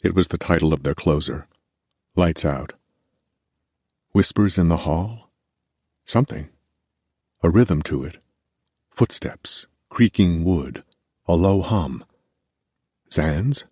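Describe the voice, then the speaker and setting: Very deep, husky male audiobook narrator. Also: a little slow, pauses often, a little mellow, no room sound, clean studio sound. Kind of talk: scripted narration.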